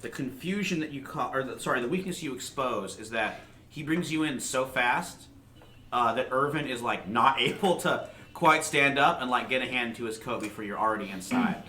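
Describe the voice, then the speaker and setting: A man's voice: medium pitch, normal speed, sharp tone, roomy sound, a little hiss or hum. A man narrating as game master in a tabletop game, casual and loose with fillers.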